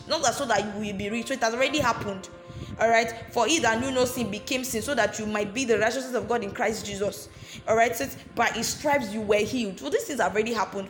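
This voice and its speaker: A woman preaching a sermon with fervour, often calling out hallelujah and amen and repeating phrases for emphasis. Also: on the high side. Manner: addresses listeners directly and repeats phrases for emphasis. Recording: roomy, echoey sound.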